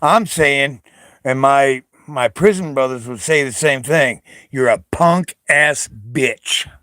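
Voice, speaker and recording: A man's voice: mid-range voice, takes it slowly, bright, forceful tone, no echo, studio quality. An older man from the United States, a Navy veteran, delivering an angry, profane political rant, confrontational and taunting.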